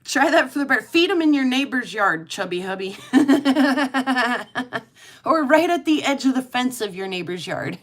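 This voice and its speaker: Woman, middle-aged, slightly high voice, chatty, rambling, laughs a lot, casual livestream host. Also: expressive, measured pace, fairly bright tone. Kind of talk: casual chat.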